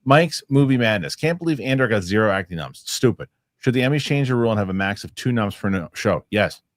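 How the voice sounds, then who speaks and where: A man's voice: lowish voice, quick pace, no room sound, studio quality. A man hosting a casual movie chat show, reading viewer comments and joking with his co-hosts. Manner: animated, acts out sketch voices. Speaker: host.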